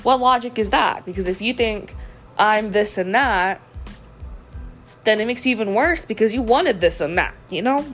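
A woman's voice: medium pitch, animated, normal speed, soft background music. A young woman telling a storytime in a casual chat, frank and full of fillers, a little sick with a frog in her throat. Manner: chatty, frank, with frequent fillers. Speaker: vlogger.

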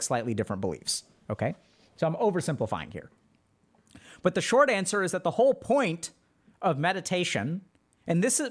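A man hosting a casual livestream, answering chat questions in a loose, explanatory way with plenty of filler words. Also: on the high side. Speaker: podcast host answering chat.

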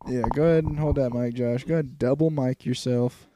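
A man's voice: mid-range voice, fairly even intonation, brisk, noisy background. A young man co-hosting a casual comedy podcast, joking in crude slang and calling people dude and dog. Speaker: podcast co-host.

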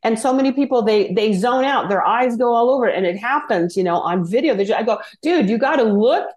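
Excitable high-voiced woman speaking coach. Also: fast. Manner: excitable, energetic, jumps between thoughts. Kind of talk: conversational podcast interview.

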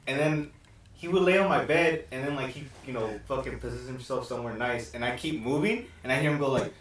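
A young man co-hosting a podcast in a casual chat, telling stories animated and cursing often. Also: mid-range voice, fast. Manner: swears a lot, animated storytelling. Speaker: podcast co-host. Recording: echoey room, mic far off.

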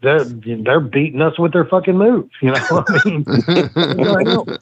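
A man's voice: on the high side, animated, unhurried, muffled recording, noisy background. A man guesting on a wrestling podcast, telling profane, heated stories and acting out the arguments he quotes. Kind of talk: casual storytelling interview.

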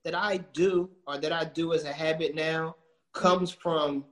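A man's voice: a little high, steady tone, measured pace, roomy sound. A man as a podcast guest, ranting about pet peeves with lots of swearing. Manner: ranting and swearing, with repeated filler words. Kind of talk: casual chat.

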